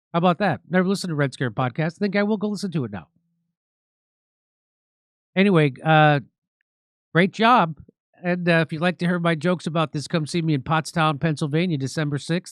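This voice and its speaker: A man hosting a political commentary show, talking in a sarcastic, mocking, animated way. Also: on the high side, dry recording, studio quality. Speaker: show host.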